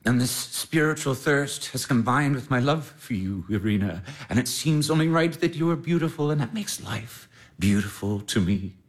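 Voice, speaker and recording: An actor playing an earnest, lovestruck young baron in a stage drama. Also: male voice, mid-range voice, animated, moderate pace, natural voice. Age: young adult.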